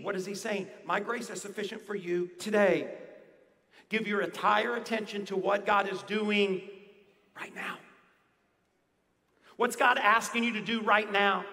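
Male pastor, preaching; bright, forceful delivery, from near-shouts to hushed lows; long reverb of a big room. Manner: emphatic preaching, swings from near-shouts to hushed low talk; repeats key phrases for effect. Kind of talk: sermon. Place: church auditorium. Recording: long reverb of a large hall.

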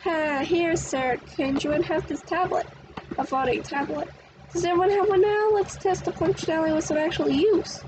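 A woman's voice: very high voice, moderate pace, lo-fi sound, background noise. A woman voicing a sly, gleeful female doll that giggles often in a sing-song, teasing way, in an amateur fan dub.

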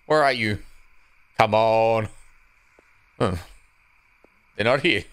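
Gaming host, horror let's play, high and swooping voice, jokey and easily spooked, desk mic. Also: big pitch swings, unhurried, pauses often, a bit bright, slight background noise. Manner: jumpy, joking, laughing, self-narrating.

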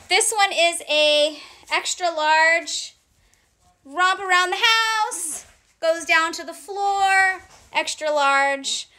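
A woman with a very high, bright voice hosts a casual live clothing sale. In an unhurried way she chats with her viewers while reading out sizes and prices one at a time.

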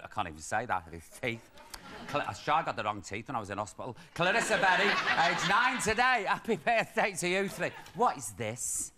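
A man in his fifties with a Liverpool accent, hosting a chat show and camping it up with quick asides and jokes at his own expense. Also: sits high. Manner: camp, quick asides, laughing at himself. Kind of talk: camp comic chat to a studio audience. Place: TV studio with live audience. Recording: studio noise with a loud audience.

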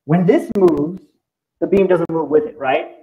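Brief: upbeat male presenter, fairly high voice, exclamatory and animated, dull lo-fi room recording. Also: measured pace. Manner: excitable, exclamatory, full of sound effects. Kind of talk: live software demo talk.

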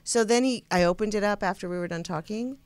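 A woman's voice: medium pitch, quick pace, smooth, no echo. A woman co-hosting a talk show, telling a rambling story in a casual chat with many restarts. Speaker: co-host.

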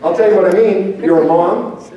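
An older man, a former teacher, giving a storytelling talk to parents, often dropping low and quiet to act out what people say. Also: moderate pace, muffled recording. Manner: storytelling, acts out quotes, drops low and quiet for emphasis. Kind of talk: speech to an audience. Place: large hall with an audience. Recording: very echoey hall, voice from far off.

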